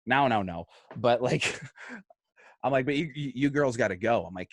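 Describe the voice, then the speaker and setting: A man's voice: medium pitch, brisk, dry recording, studio quality. A man telling a story on a casual podcast, swearing freely and acting out the quotes of the people in it. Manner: animated, swearing, acts out quotes. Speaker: podcast guest.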